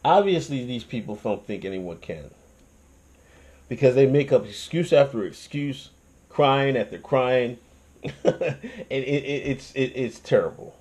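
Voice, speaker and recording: Speaking a little slowly at a medium pitch, a young man hosts his own channel with a casual, profane rant. He's animated, restarting often and laughing along the way.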